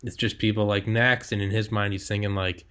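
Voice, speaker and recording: Young man, podcast host, slightly low voice, animated, swears a lot, casual chat. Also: fast talker, clean tone. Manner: animated, swearing, laughs while telling stories.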